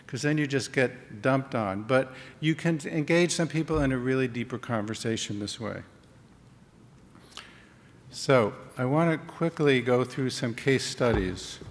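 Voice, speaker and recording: Guy talking at a conference, chatty, plays out little dialogues, middle pitch, big hall echo. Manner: conversational, acts out example dialogues. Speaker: conference speaker. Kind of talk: conference presentation. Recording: long reverb of a hall.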